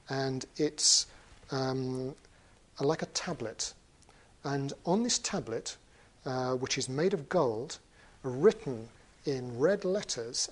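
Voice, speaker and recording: A man retelling an old fable in a talk, animated, with wry humorous asides. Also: mid-range voice. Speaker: storyteller. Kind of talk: storytelling talk.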